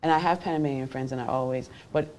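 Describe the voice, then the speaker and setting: Low-voiced chatty woman interviewer. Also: fast, darkish tone. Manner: chatty, interjects often with mm-hmm and right. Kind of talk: conversational interview.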